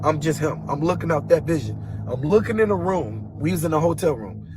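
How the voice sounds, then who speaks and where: A man earnestly telling a dramatic personal story, acting out booming noises as he goes. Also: animated, a little fast, music in the background, low-quality recording. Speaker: guest telling a personal testimony.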